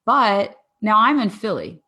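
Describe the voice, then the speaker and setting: A woman in her forties, a podcast guest, telling a family story in a lively way, acting out dialogue and often laughing. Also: medium pitch, unhurried. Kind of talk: casual interview storytelling.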